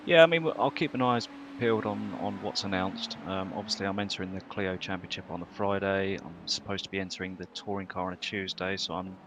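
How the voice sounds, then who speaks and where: A man, a racing driver, answering interview questions casually, halting with many restarts and fillers. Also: sits low, background noise.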